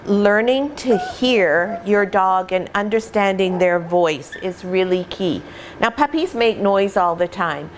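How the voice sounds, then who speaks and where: A middle-aged woman who breeds puppies explains things patiently and warmly in an instructional vlog filmed at home, now and then slipping into playful voices. She speaks slowly in a mid-range voice, with a little hiss or hum in the background.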